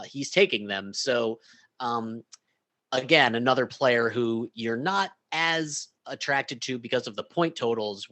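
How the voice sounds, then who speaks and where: Male podcast co-host, mid pitch, bright tone, relaxed and opinionated, casual delivery. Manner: relaxed and opinionated, drops to a quieter aside voice. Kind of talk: casual fantasy sports chat.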